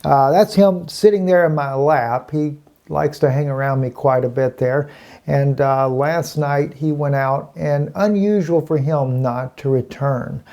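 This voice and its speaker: A man's voice: fairly high pitch, unhurried, warm tone. A man giving a casual online Bible teaching from home, rambling with many fillers and restarts.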